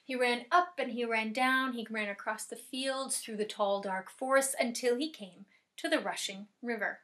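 Dramatic storytelling woman, higher voice. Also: normal speed. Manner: dramatic, swells loud and drops soft. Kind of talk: lively oral storytelling for families.

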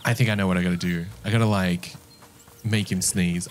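A man's voice: sits low, fairly even intonation, fairly quick. A man giving casual let's-play commentary, rambling, mocking himself and chatting to the game's characters. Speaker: gameplay commentator.

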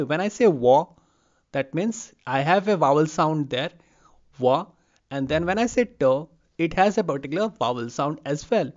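A man's voice: fairly high pitch, lo-fi sound. A man teaching a lesson, who repeats example words aloud and says okay often. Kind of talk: explaining a lecture. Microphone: lavalier.

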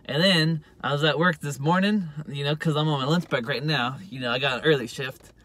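A man's voice: a little high, a little fast, sharp tone, a little hiss or hum. A man vlogging into his phone in a casual, rambling monologue, leaning on "you know" at every turn. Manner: rambling, heavy use of "you know" fillers. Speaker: YouTube vlogger.

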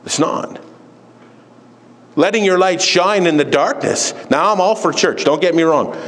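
A man pastor preaching a sermon in church, forceful, with mocking quoted voices. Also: high voice, a little slow. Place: church sanctuary. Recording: long hall reverb.

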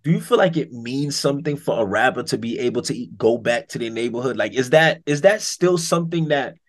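A man, interviewing a guest and pushing back calmly in casual talk. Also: mid-range voice, a little fast. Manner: relaxed, pushes back with easy disagreement.

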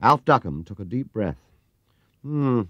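A man reading a children's storybook aloud in a lively, expressive way. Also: lowish voice, fairly quick, dry recording, muffled recording. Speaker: audiobook reader. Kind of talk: storybook narration.

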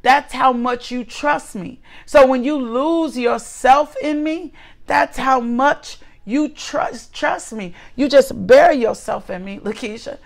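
A woman's voice: high voice, slow, gravelly. A woman in her forties reading scripture and preaching a devotional message, fervent and repeating her phrases. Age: 40s. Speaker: host and preacher.

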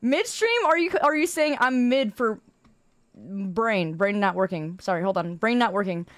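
A woman's voice: medium pitch, moderate pace, no room sound, studio quality. A woman game streamer chatting casually with her viewers, goofy and rambling, poking fun at herself and laughing often. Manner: goofy, rambling, self-mocking.

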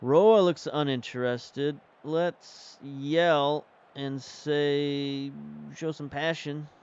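A man's voice: a little high, steady tone, drawn-out words, a little mellow, clean tone, dull audio. A man casually commentating as he plays a football management game, thinking aloud about tactics and substitutions. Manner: chatty, thinks aloud while managing the match. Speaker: game streamer. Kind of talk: casual commentary while playing.

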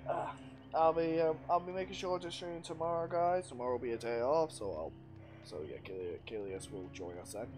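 A man's voice: fairly high pitch, brisk, a little mellow, faint music behind. A man hosting a casual gaming stream on a headset, chatting with a friend and laughing often as he talks. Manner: giggly, laughs often while talking. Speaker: streamer host.

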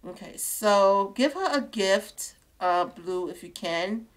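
A woman commenting on a life-sim game she is playing, excitable and gushing, often laughing. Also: medium pitch, takes it slowly. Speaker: gaming creator. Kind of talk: let's play commentary.

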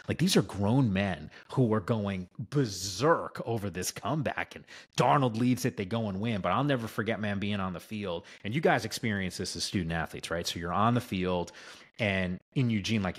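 A man, a sports broadcaster, tells stories as a podcast guest in an enthusiastic, rambling way, full of "like" and "right?". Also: low-pitched. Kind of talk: casual podcast storytelling.

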